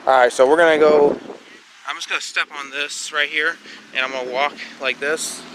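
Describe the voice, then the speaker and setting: A man vlogging a road trip on a handheld camera, rambling and repeating himself, with excitable bursts. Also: a little high, moderate pace, background noise. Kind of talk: casual road trip vlog.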